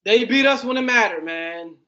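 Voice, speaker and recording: A man's voice: high voice, expressive, normal speed, pushed and bright, highs cut off. A man co-hosting a casual sports podcast, emphatic and talking over his partner. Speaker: podcast co-host.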